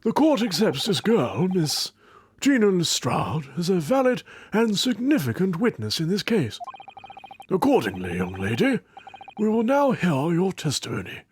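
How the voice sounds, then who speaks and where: A man's voice: high voice, wildly swooping pitch, moderate pace, slight background noise. A man voicing a formal, stern older judge, speaking in stately diction in a game playthrough.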